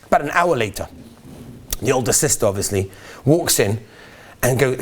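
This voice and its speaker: A man giving a rabbi's Torah lecture as an animated storyteller who acts out the characters. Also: medium pitch, normal speed, long pauses.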